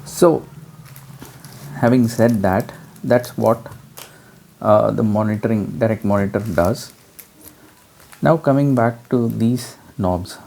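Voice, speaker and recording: A man explaining an audio mixer in a relaxed hands-on demo, with frequent fillers. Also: fairly low pitch, slow, gravelly, long pauses. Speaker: gear reviewer.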